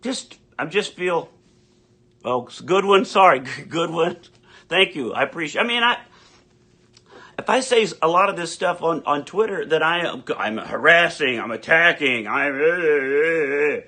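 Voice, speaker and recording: A man in his fifties delivers a comic rant into a phone live stream. His voice sits high and cuts through brightly. He swears often, trips over his restarts, and keeps boiling back up to anger. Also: expressive, measured pace. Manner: angry ranting, swears, stammering restarts. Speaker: livestream ranter.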